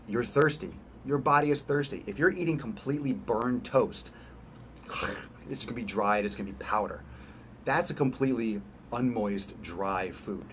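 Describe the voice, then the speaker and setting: A man's voice: lowish voice, a little hiss or hum. A man coaching on fitness in a casual, emphatic talk, repeating his points and asking the listener questions. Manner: emphatic, repeats phrases, acts out quick voices.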